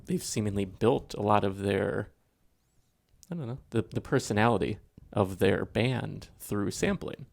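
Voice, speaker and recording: A man co-hosting a relaxed podcast, easygoing as he guides the conversation and laughs often. His voice has a strong gravelly fry at a middle pitch. The sound is close and dry. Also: unhurried, dry recording. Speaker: podcast co-host. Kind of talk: casual podcast chat.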